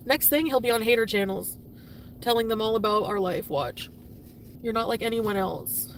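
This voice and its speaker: A woman venting profanely on a livestream, swinging between shouting and muttering. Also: on the high side, far from the mic, slight background noise. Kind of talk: emotional livestream rant.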